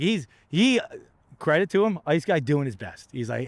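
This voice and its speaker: A man's voice: medium pitch, measured pace, no echo. Rambling, profane man telling stories. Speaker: podcast host. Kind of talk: casual comedic monologue. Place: outdoors by a lighthouse.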